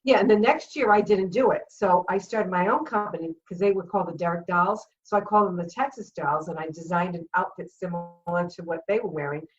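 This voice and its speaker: Her voice fairly low, this middle-aged Rhode Island woman talks briskly with few pauses as a guest on a video chat show. She's a comedian and former cheerleader, and she tells her story animatedly, laughing frequently and performing the quotes. A distant mic leaves the recording muffled.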